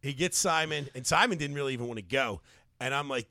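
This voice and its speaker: A man, a comedian co-hosting a podcast, telling a story in a loud, profane, animated way and laughing hard. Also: medium pitch, normal speed, no room sound, studio quality.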